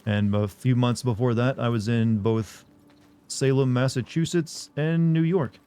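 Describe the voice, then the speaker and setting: A young male streamer with a mellow, dark voice chats with his viewers while he plays. He rambles loosely and jokes around. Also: medium pitch, steady tone, a little slow, clean tone. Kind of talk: casual live-stream chatter.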